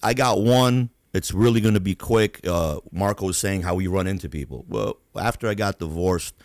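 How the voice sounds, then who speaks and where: A man from Queens, hosting a podcast and telling stories in a profane, animated way. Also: sits low, normal speed, no room sound. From Queens, New York. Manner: animated, profane, acts out voices. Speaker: podcast host. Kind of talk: casual storytelling.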